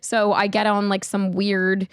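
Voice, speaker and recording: A young woman hosting a podcast, telling a travel mishap in a casual, animated way with many filler words. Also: medium pitch, a little slow, clean tone, no room sound, clean studio sound. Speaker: podcast host. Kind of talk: casual storytelling.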